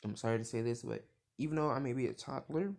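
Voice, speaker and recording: A man voicing a brash, foul-mouthed young hero boy in a casual retelling, with a gravelly voice and crude trash talk. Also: mid-range voice, quick pace, a little mellow, close to an everyday voice. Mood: defiant.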